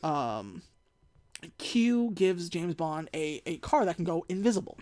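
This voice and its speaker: A woman's voice: on the low side, big pitch swings, a little slow, a little mellow. A woman co-hosting a casual podcast, recapping a movie and acting out its lines in mock voices. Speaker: podcast co-host.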